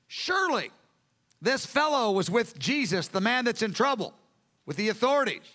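A man's voice: very high voice, sing-song, moderate pace, bright, forceful tone, heavily acted. A man acting out an insistent male accuser in a sermon retelling.

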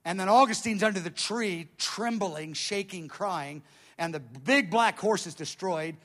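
A man telling a dramatic testimony as a preacher, animated, with his volume rising and dropping and many restarts. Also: high voice, a little slow.

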